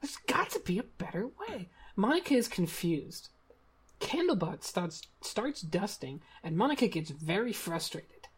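A woman's voice: mid-range voice, sing-song, moderate pace, few pauses, slightly rough. A woman co-hosting a comedy podcast, reading a story aloud in a playful, exaggerated way.

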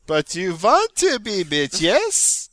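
A man voicing a gruff, taunting vodka-loving man with a heavy put-on foreign accent and broken English. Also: high-pitched, huge pitch swings, slow pace, fairly bright tone, heavily acted.

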